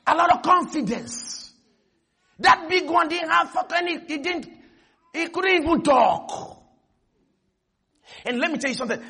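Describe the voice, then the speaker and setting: A man preaching a sermon, telling a story with lively energy and often shouting. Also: very high-pitched.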